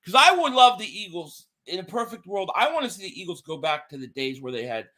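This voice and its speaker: A man's voice: sits high, a little fast. A man co-hosting a casual sports podcast, telling stories and reading viewer chat aloud. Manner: animated storyteller, reads viewer chat aloud. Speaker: podcast co-host.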